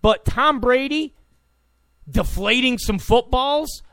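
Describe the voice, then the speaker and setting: A man's voice: high voice, very animated, slow, vocal fry, long pauses, a bit bright, no echo. A man giving a heated political rant, repeating his points with sarcastic asides. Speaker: political commentator.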